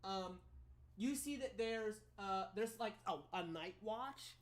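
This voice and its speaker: A woman narrating as game master of a tabletop game, halting with many ums and restarts. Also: mid-range voice. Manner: halting, filler-heavy narration.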